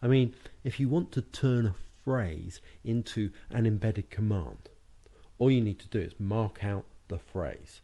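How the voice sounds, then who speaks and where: A British man narrating a lesson on hypnotic language patterns, speaking slowly and deliberately with hypnotic phrasing and words marked out by tone. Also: lowish voice, dark tone. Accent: British English. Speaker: hypnotherapy and NLP trainer. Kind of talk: recorded lesson narration over slides.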